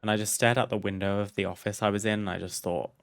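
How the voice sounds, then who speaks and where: A man with a fairly low voice talks over his gameplay, easygoing and frank. He drifts through a long personal story, laughing now and then and not minding a swear word. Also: little pitch movement, quick pace, smooth. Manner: chatty, candid, laughs and swears freely. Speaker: streamer.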